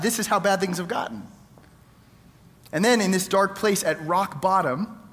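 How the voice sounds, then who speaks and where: A man's voice: high-pitched, fairly bright tone, big-room sound. A male pastor preaching a sermon in a conversational storytelling way, acting out the quoted lines.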